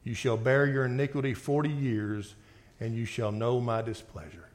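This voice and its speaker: Man, pastor, emphatic sermon, scripture reading, mid-pitched voice. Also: steady tone, moderate pace. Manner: emphatic, swings between forceful outbursts and quiet reading.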